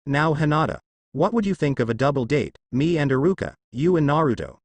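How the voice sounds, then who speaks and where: A man's voice: a little high, sing-song, fairly quick, no echo. A man reading the lines of a cool, teasing adult woman ninja teacher in a fan fiction story, in nearly his own voice.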